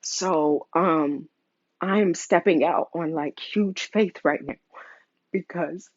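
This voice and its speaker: A woman's voice: fairly low pitch, takes it slowly, dry recording. Young woman, emotional confessional vlog, earnest and candid, dry dull lo-fi recording. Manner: earnest, open, many fillers. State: emotional, near tears. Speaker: mother sharing a custody story.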